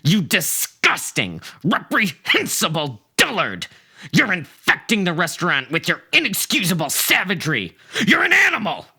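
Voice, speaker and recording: A man's voice: huge pitch swings, normal speed, creaky, husky, heavily acted. A man voicing a pompous, unhinged narrator who scolds and screams in petty rage. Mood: indignant. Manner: shrill shouting, pompous scolding.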